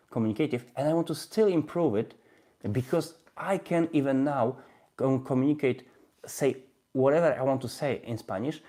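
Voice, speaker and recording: A man with a Polish accent, speaking English as a non-native, casually hosting a language-learning live stream and walking through his flashcards with halting, repeated phrases. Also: mid-range voice, mellow. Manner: halting, repeats and restarts phrases, chuckles often. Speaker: language-learning livestream host.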